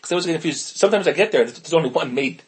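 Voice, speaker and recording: A man with a hoarse, worn-out voice, chatting casually as a podcast co-host and telling stories with lots of laughter and swearing. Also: a little high, very fast. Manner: animated storyteller, laughs often, swears freely. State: hoarse, voice going. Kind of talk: casual chat.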